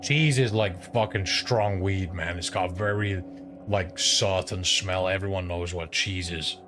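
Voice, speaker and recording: A streamer talks in a low, rambling voice, swearing freely as he tells a story between game moments. A clear bed of background noise runs under his home streaming mic. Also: little pitch movement, unhurried. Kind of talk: casual chat while gaming.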